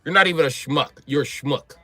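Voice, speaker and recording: A man voicing an angry Italian man scolding a cook, yelling indignant insults. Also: sits high, expressive, fast talker, no room sound, full character voice. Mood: outraged.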